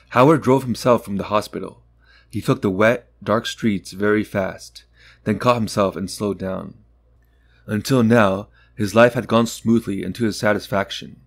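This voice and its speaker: A man reading a short story aloud in calm, unhurried scripted narration. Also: lowish voice. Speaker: audiobook narrator.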